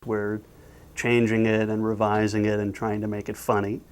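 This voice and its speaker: A man in a making-of feature who explains how episodes are written, then pitches a cartoon scene by acting it out. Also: normal speed, clean tone. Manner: lively, acts out scenes. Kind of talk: animated story pitch.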